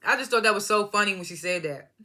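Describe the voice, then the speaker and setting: This woman speaks fast with a medium pitch, expressive delivery, and a pushed, bright sound. Laughing frequently, she recaps a reality show episode in casual slang and acts out the cast's quotes as she retells each scene.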